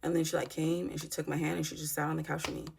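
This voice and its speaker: A woman's voice: low-pitched, flat delivery, racing, gravelly, background noise. A woman in her thirties telling a personal story in a vlog, talking in a raw, profane, emotional way with lots of fillers. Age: 30s. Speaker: vlogger.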